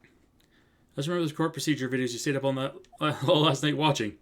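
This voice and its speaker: A man chatting loosely while he plays through a game on a live stream. He jokes about his own attempts at voices and swears now and then. His pitch is ordinary and mid-range. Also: steady tone, a little fast. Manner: joking and self-deprecating, swears. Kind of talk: casual live-stream commentary.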